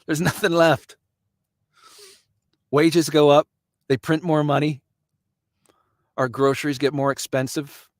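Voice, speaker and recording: A man's voice: on the high side, level tone, slow pace, pauses often, dry recording. Chatty man with a dry close voice. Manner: conversational, chuckles often, answers viewers by name. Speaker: live-stream host. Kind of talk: casual live-stream commentary reading viewer comments.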